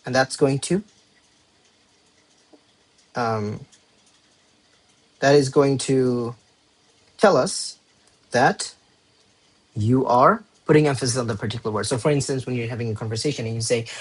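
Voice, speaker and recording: A male English teacher explaining essay writing to his students in a husky, slightly breathy voice. He thinks aloud as he goes, repeating key words while building example sentences. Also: medium pitch, measured pace, long pauses.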